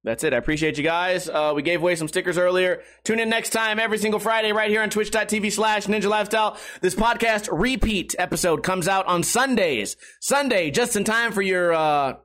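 A young man hosting a casual podcast, profane and animated, bursting into loud shouts. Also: high-pitched, a little fast, few pauses. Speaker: podcast host. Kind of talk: casual rambling chat. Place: at home.

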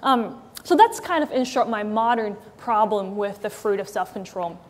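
A woman's voice: mid-range voice, lively intonation, normal speed, big-room sound. A woman giving a casual conversational sermon as a church's executive director, chatty and wry, with frequent ums and likes. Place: church meeting hall with live audience.

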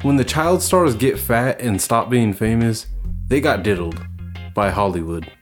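A man's voice: medium pitch, animated, unhurried, soft background music. A man co-hosting a casual podcast chat, rambling and swearing with lots of filler words. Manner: rambling, profane, many filler likes.

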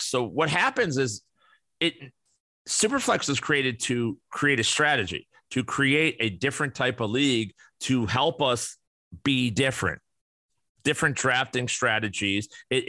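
Male podcaster, mid-pitched and forceful, ranting bluntly with profanity on a dry close mic. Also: no room sound. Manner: blunt and profane, with many restarts and fillers. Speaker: podcast host. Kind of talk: casual solo podcast rant.

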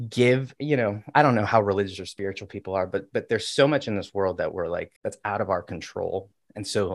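A man's voice: fairly low pitch, no echo, clean studio sound. A man in his thirties, a podcast guest telling candid personal stories in a rambling way, with restarts and fillers. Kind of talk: candid conversational storytelling.

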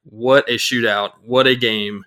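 Upbeat male podcast co-host, casual banter, average pitch. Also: fairly even intonation, sharp tone, clear, resonant tone. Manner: upbeat, jokey, quick banter. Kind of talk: casual sports podcast chat. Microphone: podcast microphone.

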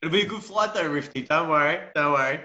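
This is a loud, boastful man who is fired up on a podcast. His voice is bright and forceful, a little high, and it echoes in the room. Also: fast talker, dull audio. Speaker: podcast guest. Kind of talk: casual banter. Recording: roomy echo.

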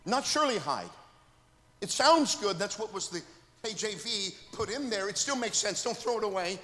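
High-voiced preacher in an echoing hall. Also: male voice, lively intonation, moderate pace. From Minnesota, USA. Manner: call-and-response preaching, peppered with amen and brother; rises to shouted bursts, then drops to storytelling. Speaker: pastor. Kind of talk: sermon. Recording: long reverb of a large hall.

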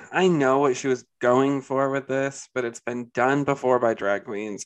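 A man's voice: medium pitch, a bit bright. Rambling man with blunt opinions. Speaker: podcast co-host. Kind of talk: casual chat.

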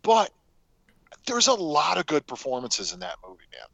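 A man's voice: a little high, huge pitch swings, normal speed, creaky, fairly bright tone, dry recording. A man co-hosting a casual film podcast, talking animatedly and swearing freely. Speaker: podcast co-host.

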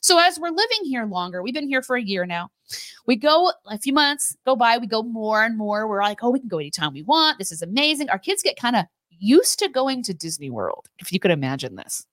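A woman co-hosting a faith show, talking casually with her husband, animated and quick to laugh. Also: on the high side, no echo. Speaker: co-host of a faith teaching show.

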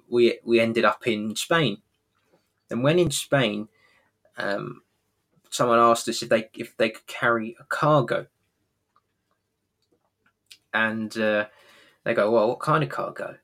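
A man's voice: on the low side, slow pace, pauses often, fairly bright tone. A man co-hosting a podcast, chatting casually about a sitcom episode, laughing often and acting out its lines. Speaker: podcast co-host. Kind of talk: casual chat recapping a sitcom.

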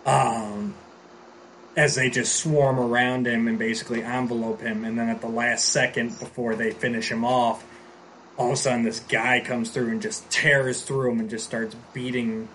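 A man's voice: mid-range voice, level tone, normal speed, fairly bright tone, slight background noise, poor audio. Rambling man recapping a story. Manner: rambling, many fillers and restarts.

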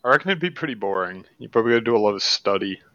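A man's voice: on the low side, expressive, racing, fairly bright tone, dry recording. A man co-hosting a casual podcast, wry and full of offbeat questions. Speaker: podcast co-host. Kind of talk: casual chat. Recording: dull dry mic.

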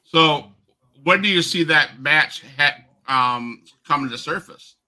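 Podcast host guy, super bright sharp voice, rambles, likes stirring the pot. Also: on the high side, expressive, a little slow. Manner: stirs up rivalries, rambling questions. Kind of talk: podcast interview.

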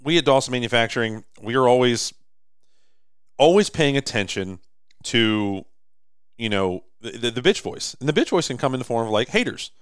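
A man's voice: mid-range voice, expressive, moderate pace, clear, resonant tone, no echo, studio quality. A man co-hosting a podcast, rambling through a long story in casual chat, with many restarts. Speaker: podcast co-host. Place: indoor office or shop.

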